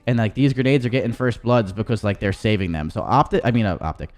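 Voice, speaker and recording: An esports coach with a fairly low voice talks quickly while casually reviewing gameplay footage. He rambles and swears, restarting often, over soft background music.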